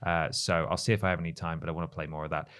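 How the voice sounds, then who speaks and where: Lowish man ranting about games. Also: flat delivery, racing, fairly bright tone, smooth. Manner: chatty, exasperated ranting, wry. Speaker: podcast co-host. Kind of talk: casual gaming chat.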